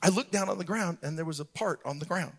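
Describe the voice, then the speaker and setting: A man's voice: sits high, quick pace, vocal fry, breathy edge. A middle-aged man pastor delivering a sermon, telling stories and swinging into a sung, preachy cadence.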